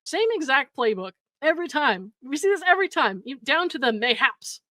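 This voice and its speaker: A sarcastic woman hosts a reaction commentary, picking apart messages with incredulous jabs and bursts of laughter. Her voice sits a little high and sounds dry and close, with no room around it. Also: sing-song, a little fast, bright, forceful tone, no echo. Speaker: commentary host.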